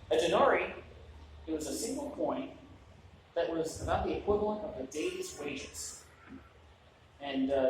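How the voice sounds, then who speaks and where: A man's voice: on the high side, background noise. A man giving a conversational sermon in a church, chatty, with joking asides and restarts. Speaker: preacher. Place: church sanctuary. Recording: very echoey church room, mic at a distance.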